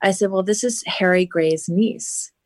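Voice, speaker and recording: A woman's voice: medium pitch, a little slow, dry recording. A woman guest on a podcast, telling a story earnestly with lots of "you know" fillers. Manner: earnest, animated retelling with many fillers. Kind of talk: storytelling interview.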